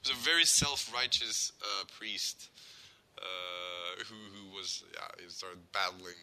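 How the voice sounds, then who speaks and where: A man chatting casually about running tabletop games, halting with many fillers and restarts. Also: deep voice, bright, forceful tone, a little hiss or hum, poor audio. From Norway. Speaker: podcast co-host, game master. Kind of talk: casual chat.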